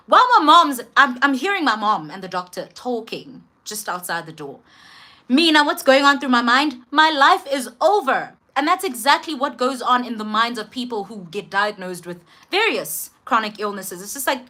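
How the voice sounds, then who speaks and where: A young woman with a South African accent tells a personal story to camera in an animated, emphatic way, switching between languages mid-sentence. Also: fairly high pitch, moderate pace. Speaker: vlogger. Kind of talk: storytime monologue.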